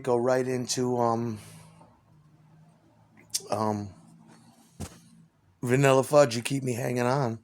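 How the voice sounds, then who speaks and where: A man who sings on tour, hoarse from weeks of screaming, telling rambling, profane stories and acting out both sides of conversations. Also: mid-range voice. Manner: animated, swears constantly, acts out exchanges. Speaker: touring singer.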